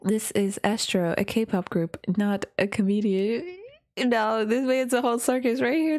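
A woman hosting a reaction video in casual commentary, laughing constantly and exclaiming in quick bursts. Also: a little high, music in the background.

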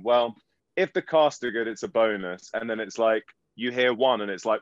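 A man's voice: on the low side, a little fast, dry recording, dull audio. A man from London with a London English accent, an actor answering panel questions in a rambling, self-deprecating, jokey way. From London, England. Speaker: actor and guest.

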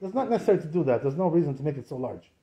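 A man's voice: on the high side, expressive, racing, gravelly, mellow. A man, a rabbi, giving an informal class on Jewish law, chatty and full of rhetorical questions, with Hebrew terms mixed in. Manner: conversational, asks many rhetorical questions; mixes in Hebrew and Aramaic terms.

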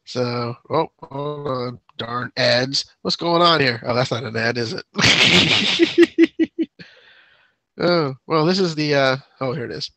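A man's voice: mid-range voice, sing-song, slow pace, pushed and bright, no echo. A man co-hosting a show, chatting casually, rambling and laughing often. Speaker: podcast co-host. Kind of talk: casual chat.

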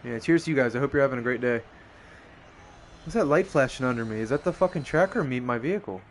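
A young man giving casual, profane live commentary on a racing game, excitable and often laughing. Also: medium pitch, quick pace, a little hiss or hum. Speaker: streamer.

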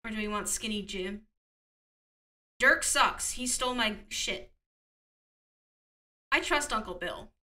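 A woman's voice: a little high, animated, slow pace, pauses often, sharp tone. A woman streaming a game, talking casually in an offhand, joking way and muttering to herself. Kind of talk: casual live-stream commentary.

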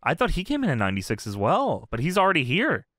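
A man's voice: a little high, wildly swooping pitch, fast talker, a bit bright, dry recording, studio quality. A young man co-hosting a casual wrestling review chat, laughing often, swearing and acting out quotes. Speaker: podcast co-host.

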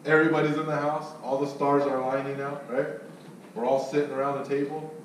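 A man's voice: medium pitch, fairly quick. Profane storytelling man, echoey distant mic. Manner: profane, animated storyteller who acts out voices. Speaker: salesman and sales coach. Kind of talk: casual storytelling with coaching. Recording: echoey room, distant mic, faint noise.

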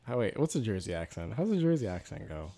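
A man's voice: fairly low pitch, sing-song, fast talker, gravelly, warm tone. A man co-hosting a casual gameplay commentary, rambling and swearing. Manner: rambling, swearing, laughs at jokes. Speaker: co-host of a gaming let's play.

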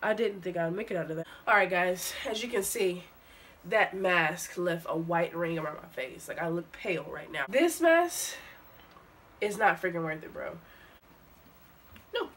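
Bright-voiced young woman vlogging, sniffly. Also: lowish voice, lively intonation, measured pace, slight background noise. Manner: exclaims and cries out in pain, then chats. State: sick and sniffly. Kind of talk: casual vlog talk to camera.

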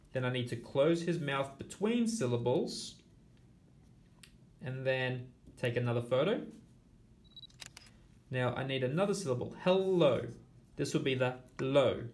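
A man's voice: mid-range voice, a little mellow, reverberant. A man teaching an app tutorial, explaining each step in order and counting aloud as he goes. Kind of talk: screen-recorded tutorial walkthrough.

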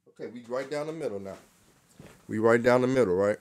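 A man's voice: mid-range voice, brisk, pauses often. A young man giving a casual, joking hair tutorial, cursing freely and talking in loose street slang. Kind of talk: casual how-to demonstration.

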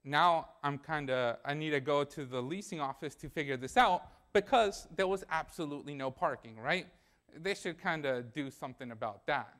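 A man's voice: fairly high pitch, moderate pace, fairly bright tone. A young man preaching a sermon in a church, telling a personal story in a conversational way and acting out the dialogue.

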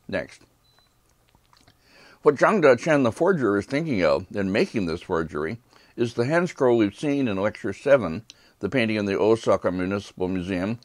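Older guy reading a lecture, low voice, dry close sound, calm and measured. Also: dry recording. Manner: measured, apologetic asides to a slide operator. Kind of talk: scripted art history lecture. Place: lecture hall.

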